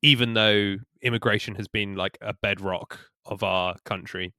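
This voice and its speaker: A man's voice: lowish voice, fairly even intonation, moderate pace, pushed and bright, no room sound. A British man co-hosting a podcast, chatting casually, laughing often and swearing while he agrees. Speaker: podcast co-host. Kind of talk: casual chat.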